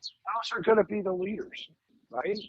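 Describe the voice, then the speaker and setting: A man's voice: high-pitched, normal speed, a bit bright, dull audio, slight background noise. A man in his fifties, a fire lieutenant guest on a podcast, talking emphatically, repeating words and firing off rhetorical questions. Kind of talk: podcast interview.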